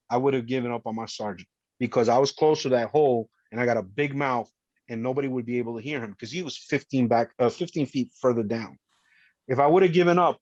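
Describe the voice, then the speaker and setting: A man's voice: mid-range voice, no room sound. Emphatic male podcast guest telling his story. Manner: emphatic, vivid, reenacts voices, swears. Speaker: podcast guest recounting survival. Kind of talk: emotional first-person storytelling. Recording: dry, slightly dull podcast audio.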